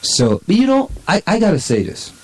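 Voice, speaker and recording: A man's voice: high voice, huge pitch swings, brisk, slight background noise, poor audio. A man, co-hosting a casual talk show and often stumbling and repeating his words. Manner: stammering, repeats words when flustered. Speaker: co-host. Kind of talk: casual banter.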